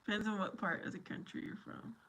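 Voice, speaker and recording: A woman's voice: mid-range voice, fairly even intonation, fast, fairly bright tone. A middle-aged woman hosting a casual livestream chat with her viewers, silly and giggly. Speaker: livestream host.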